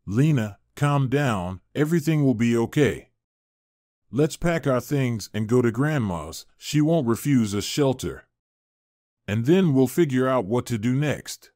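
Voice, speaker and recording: A man's voice: mid-range voice, expressive, unhurried, darkish tone, no echo, studio quality, close to an everyday voice. A man reading the lines of a firm, protective young husband who sounds exasperated.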